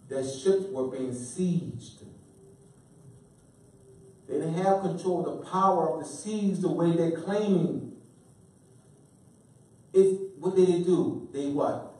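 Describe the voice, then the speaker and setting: His voice is mellow and on the high side. He addresses a live audience in a lecture, quizzing them back and forth and repeating key terms for emphasis, all captured from afar in a heavily echoing space.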